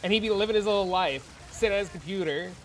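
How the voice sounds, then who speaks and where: High-voiced man chatting on stream. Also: quick pace, a little hiss or hum. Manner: loose and profane, with animated storytelling. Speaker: game streamer; father of young kids. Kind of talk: casual livestream chat.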